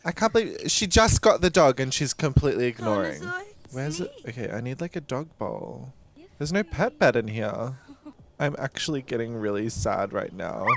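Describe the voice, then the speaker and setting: A man's voice: medium pitch, sing-song, moderate pace, creaky, background noise. A young man, a drag queen, chatting casually and swearing freely while playing a life-sim game. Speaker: drag queen let's play host. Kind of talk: casual gameplay commentary.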